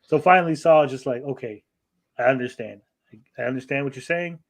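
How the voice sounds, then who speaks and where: A man with a gravelly, mid-range voice co-hosts a podcast, casually recapping a TV episode. He's profane and rambling, briefly acting out characters in quick asides.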